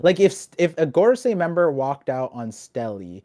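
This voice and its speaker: A man's voice: a little high, normal speed, dry recording. Rambling young man, dry close sound. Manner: rambling and animated, with many restarts. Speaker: podcast host. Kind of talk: casual podcast chat.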